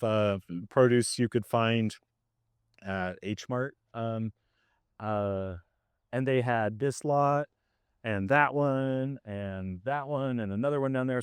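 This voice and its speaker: A man walking a group around his farm outdoors and explaining his methods in a loose, conversational way full of "like" and "um." His voice is a little hoarse, yet it comes through smooth and close. There is no room echo. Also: mid-range voice. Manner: casual and conversational, with many fillers. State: slightly hoarse. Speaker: farmer leading a farm tour.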